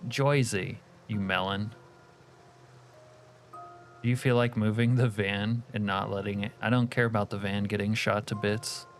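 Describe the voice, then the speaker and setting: A man chats with his live-stream audience in an easygoing way, reading their comments aloud and dropping quiet remarks to himself about the game. His voice sits somewhat low. Faint music plays behind him. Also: fairly quick, few pauses. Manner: relaxed, reads chat aloud, muttered asides to the game. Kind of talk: live-stream chat while gaming.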